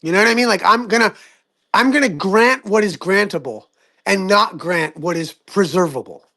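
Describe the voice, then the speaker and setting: A man leading a casual group discussion, talking emphatically in quick bursts and swearing freely. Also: high-pitched, sharp tone.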